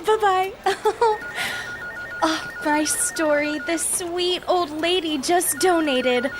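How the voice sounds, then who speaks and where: A sugary, high cult sister. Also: female voice, drawn-out words, exaggerated voice. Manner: sugary then snippy. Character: sugary cult sister, snaps when crossed. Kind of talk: comedy audio drama acting. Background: music.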